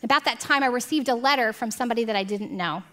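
A woman giving a heartfelt devotional talk, telling a story earnestly and sometimes dropping to hushed tones. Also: a little high, quick pace. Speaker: Christian speaker.

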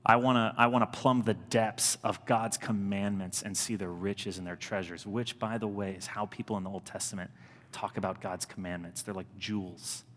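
A male pastor in his thirties delivers a sermon in a casual, heartfelt manner and leans on repetition to drive points home. His voice sits on the low side. The sound carries the long reverb of a large church sanctuary. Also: fairly even intonation, moderate pace, fairly bright tone. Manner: earnest, conversational preaching with emphatic repetitions.

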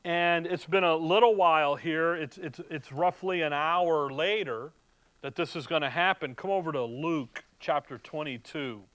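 A man's voice: a little high, moderate pace, a bit bright. A middle-aged man as a pastor, preaching in a conversational way and reading scripture aloud to his church. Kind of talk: sermon.

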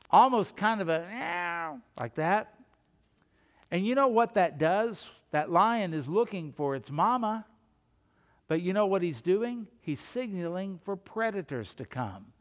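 A man's voice: high voice, big-room sound. A man preaching a sermon as pastor, telling stories in a folksy, conversational way. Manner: folksy storytelling with asides.

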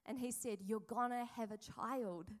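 A woman's voice: fairly high pitch, measured pace. A woman, preaching a sermon in a chatty storytelling way with asides to the congregation. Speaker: pastor.

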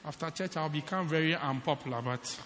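A man's voice: on the high side, brisk, fairly bright tone, long reverb tail. A man preaching a sermon as pastor, in a teasing, joking, conversational way.

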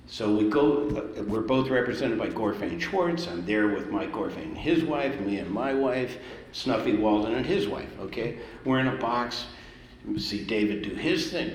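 An older man who composes music, telling lively anecdotes to an audience and jumping up in pitch to stress a point. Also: roomy sound, in a large hall, a little hiss or hum, poor audio. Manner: animated anecdotes, swings up in pitch for emphasis. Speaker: composer, speaker at an event. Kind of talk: storytelling to an audience.

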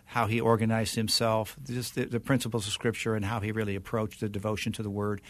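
Older minister telling stories, dry studio. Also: male voice, fairly low pitch, level tone, fast talker, dry recording. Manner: storytelling, chuckles, restarts often. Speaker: guest minister. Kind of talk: casual interview conversation.

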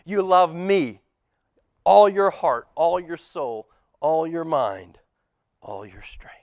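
Impassioned high-voiced male preacher. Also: lively intonation, takes it slowly, dry recording, dull audio. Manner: impassioned, swinging from loud to hushed. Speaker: pastor. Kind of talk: sermon. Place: church auditorium.

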